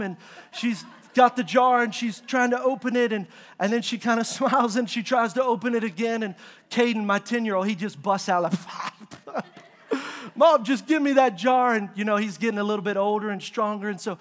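A middle-aged man preaching a sermon, telling a family story with lively asides and calling out questions to the congregation. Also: extremely high pitch. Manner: animated storytelling with audience call-outs. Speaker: pastor.

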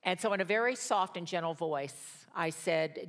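An older woman teaching a Bible study in a sermon style, telling stories that move from hushed to rousing. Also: on the low side, moderate pace, few pauses. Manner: storytelling, swings from hushed to rousing.

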